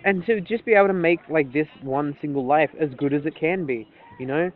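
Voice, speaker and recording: A young man with a slightly high voice, talking in a loose, rambling monologue full of swearing and laughs. His audio sounds thin and tinny, like it came through a phone line. He talks animatedly, with plenty of fillers and restarts. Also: fairly quick. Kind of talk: casual solo monologue.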